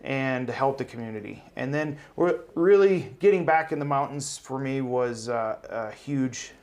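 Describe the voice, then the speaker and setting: A man's voice: mid-range voice, moderate pace, darkish tone. A man in his forties from South Dakota, a hospital CEO talking in a casual interview in an upbeat, humble way.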